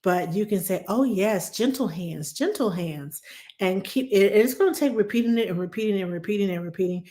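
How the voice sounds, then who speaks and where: Female nanny host for a live Q&A. Animated, chatty delivery with repetition for emphasis and quick acted-out quotes. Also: medium pitch. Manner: animated, acts out quoted voices, repeats for emphasis; conversational with fillers and restarts. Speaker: nanny answering viewer questions. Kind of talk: casual live Q&A.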